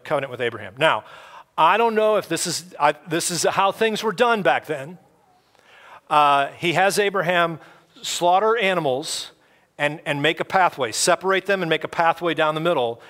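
Male pastor, sermon delivery, slightly high and bright, relaxed conversational preaching. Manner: casual, conversational preaching with playful quoted voices. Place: church.

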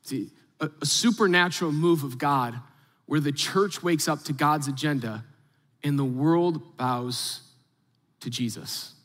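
A man's voice: a little high, unhurried, a bit bright. A male pastor preaching a sermon in a casual, conversational way to a church audience. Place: large church auditorium. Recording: hall reverb.

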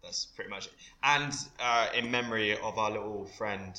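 Guy cohosting, bright voice, jokey and sweary, echoey room. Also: lowish voice, normal speed, far from the mic. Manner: jokey, laughs often, swears. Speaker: podcast co-host. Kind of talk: casual banter. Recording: echoey room, faint noise.

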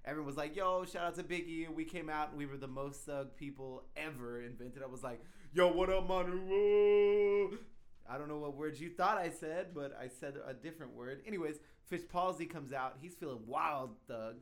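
Brief: young male co-host, slightly high voice, rambling storyteller who laughs a lot. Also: fairly quick, few pauses, a bit bright. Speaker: podcast co-host. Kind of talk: casual chat.

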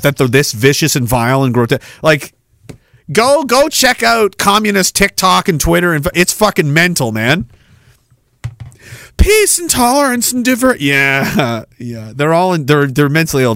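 A man's voice: on the high side, a bit bright, dry recording, clean studio sound. A man hosting a solo podcast rant, sarcastic and profane, reading out viewer comments and mocking them. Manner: sarcastic, heavy swearing, mocking asides. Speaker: podcast host.

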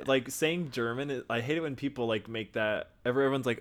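A man's voice: mid-range voice, moderate pace, few pauses. A young man co-hosting a casual podcast chat, rambling and arguing his point with lots of fillers. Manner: rambling, argumentative, frequent fillers. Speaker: podcast co-host.

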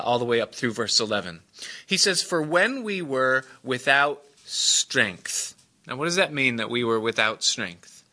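Bright-voiced conversational male preacher. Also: medium pitch. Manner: conversational, chuckles often, tells jokes and stories. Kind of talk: sermon.

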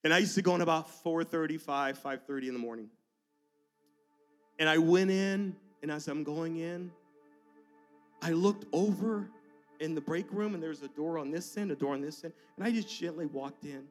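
A man with a high voice preaches in church, dropping to near-whispers and then rising to loud declarations. A faint bed of music runs behind him. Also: normal speed. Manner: emotional, swinging between soft asides and loud declarations. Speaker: pastor. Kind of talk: sermon with personal storytelling.

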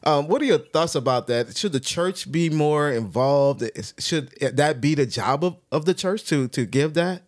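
A man co-hosting a podcast, asking thoughtful questions in a halting, searching way. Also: on the high side, expressive. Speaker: podcast co-host. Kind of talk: podcast interview.

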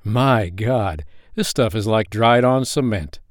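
A man's voice: fairly low pitch, slow pace, dry recording, studio quality. A man voicing a confident, playful young man in an audio story, speaking in a jokey, upbeat and somewhat commanding way.

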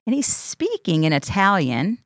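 A woman pastor tells heartfelt personal stories in a casual podcast chat and grows animated when moved. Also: mid-range voice, measured pace, no echo, clean studio sound.

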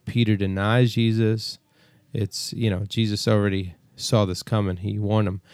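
A man's voice: lowish voice, flat delivery, moderate pace, darkish tone, no room sound, clean studio sound. A man co-hosting a casual Bible study podcast, walking through chapters and verses in an easygoing, conversational way. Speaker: podcast co-host.

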